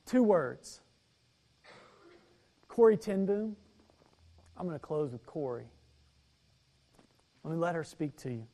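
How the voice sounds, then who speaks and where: A man's voice: very high-pitched, animated, normal speed, long pauses, darkish tone. A male pastor preaching a sermon, emphatic, reading Bible verses aloud and repeating his key points.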